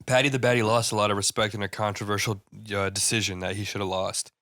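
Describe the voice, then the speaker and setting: Young guy on a podcast, smooth voice, dry mic, hyped and swearing, laughs a lot. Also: lowish voice, flat delivery, quick pace, bright, forceful tone, no echo. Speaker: podcast co-host. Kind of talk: casual chat.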